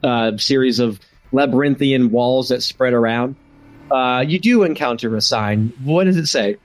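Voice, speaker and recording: A man's voice: mid-range voice, normal speed, no echo. A man narrating as game master of a tabletop role-playing game, casual and laughing often.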